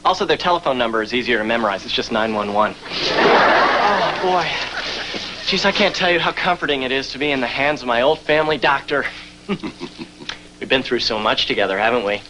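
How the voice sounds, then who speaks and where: A man's voice: medium pitch, expressive, normal speed, pauses often, heavy background noise, natural voice. An actor playing a childish, melodramatic grown man visiting his doctor, whiny and theatrical with nervous laughs. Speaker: patient. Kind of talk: sitcom acting.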